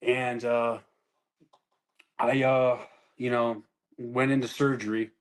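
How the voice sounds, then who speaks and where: A man's voice: medium pitch, level tone, slow, poor audio. A man, an army veteran, telling his own story in a candid, casual way, blunt and full of swearing.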